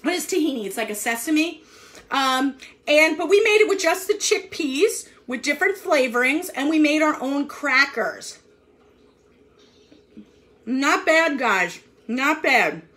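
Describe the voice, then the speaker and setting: High-voiced chatty woman hosting a cooking stream. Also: lively intonation, normal speed, fairly bright tone. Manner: chatty, upbeat, eats and talks at once. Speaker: cooking show host. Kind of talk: live cooking demo to viewers. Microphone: live stream from a kitchen.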